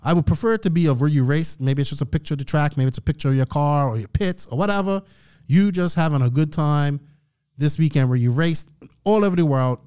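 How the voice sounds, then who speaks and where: A man hosting a podcast, delivering a casual, preachy motivational rant and clearing his throat often. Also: a little high, fast, darkish tone. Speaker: podcast host.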